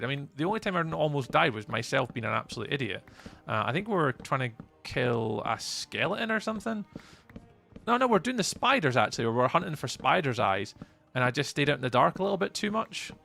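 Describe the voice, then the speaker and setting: A man's voice: on the high side, very animated, a little fast, gravelly, bright, forceful tone, soft background music. A young Scottish man casually chatting through a live game stream, rambling and greeting his chat by name. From Scotland. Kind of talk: live gameplay commentary.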